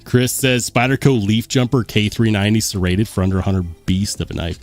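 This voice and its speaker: A man's voice: fairly low pitch, brisk, faint music behind. A man hosting a casual livestream, reading viewer comments aloud and chatting as he goes. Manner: lively, chatty, muses aloud. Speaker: host.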